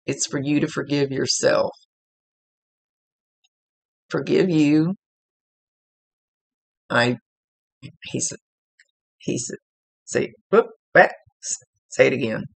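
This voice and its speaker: Gravelly, husky man giving a reading. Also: medium pitch, measured pace, pauses often. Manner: relaxed, rambling, relaying messages aloud. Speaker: psychic medium. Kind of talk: casual spirit reading.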